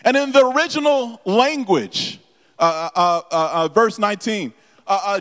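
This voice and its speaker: Halting high-voiced man preaching in a hall. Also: fairly bright tone. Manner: halting with many repeated words and fillers, addresses the congregation directly. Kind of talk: sermon. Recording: long echo of a large hall.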